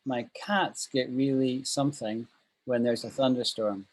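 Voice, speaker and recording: Man teaching English slowly, patient. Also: mid-range voice, fairly even intonation, low-quality recording. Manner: patient, slow drilling of pronunciation. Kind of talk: online English class.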